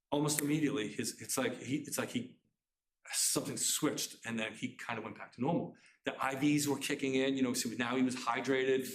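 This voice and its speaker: Fast-talking man telling a personal story. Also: medium pitch, a little hiss or hum. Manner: fast, earnest, with restarts. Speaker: author giving a talk. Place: community center room. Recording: roomy hall sound.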